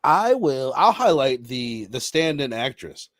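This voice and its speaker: A man co-hosting a casual film podcast, talking in an animated way and playfully quoting lines. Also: medium pitch, a little slow, dry recording, studio quality. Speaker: podcast co-host.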